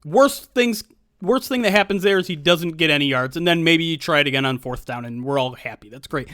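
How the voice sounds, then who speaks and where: A man co-hosting a sports podcast, ranting with rising anger about play calls, animated and exasperated. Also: on the high side, brisk, no echo, clean studio sound. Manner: animated, builds from disappointed to openly angry. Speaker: podcast co-host. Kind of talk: casual sports podcast rant.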